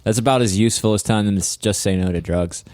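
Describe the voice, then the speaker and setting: A young adult man co-hosting a casual podcast, chiming in with dry, deadpan remarks and quick laughs. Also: fairly low pitch, no echo. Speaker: podcast co-host. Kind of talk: casual crude podcast chat.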